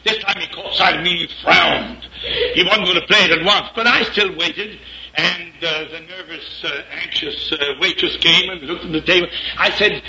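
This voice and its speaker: A minister with a high voice tells a story animatedly from the pulpit. The recording is dull and lo-fi, with a roomy echo. A congregation can be heard clearly in the background. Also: male voice, moderate pace, crowd noise. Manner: animated storyteller, drops into French and acted voices. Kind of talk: storytelling sermon. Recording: echoey lo-fi hall recording with audience.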